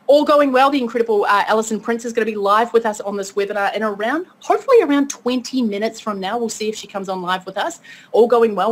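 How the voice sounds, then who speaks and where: A woman teaching an online course webinar, upbeat and chatty, often checking in with her listeners. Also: on the high side. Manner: upbeat, chatty, keeps asking okay. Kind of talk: motivational webinar talk.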